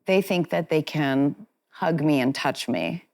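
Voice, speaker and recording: Frank woman with a low-pitched voice. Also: measured pace, a little mellow. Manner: frank, self-deprecating, chatty. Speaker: interview guest. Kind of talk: candid conversational storytelling.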